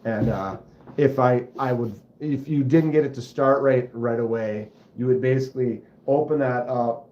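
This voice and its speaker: A man hosts a relaxed livestream, telling meandering stories and acting out engine sounds along the way. His voice sits in a roomy space and comes through a little dull and muffled. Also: medium pitch. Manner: rambling, animated storyteller who mimics engine sounds. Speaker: livestream host. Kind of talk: casual livestream chat. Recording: roomy, slightly dull home stream audio.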